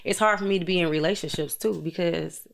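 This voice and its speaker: A woman's voice: lowish voice, fast, gravelly. A woman from Detroit with a Detroit accent, a podcast guest talking bluntly in a laid-back, slangy way. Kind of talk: casual chat.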